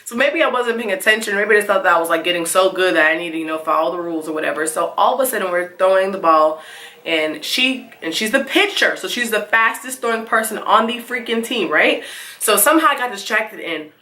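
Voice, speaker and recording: Bright, animated young woman vlogger. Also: mid-range voice, brisk, echoey room. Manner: animated, acts out quotes with squeals and laughs. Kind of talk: casual storytime.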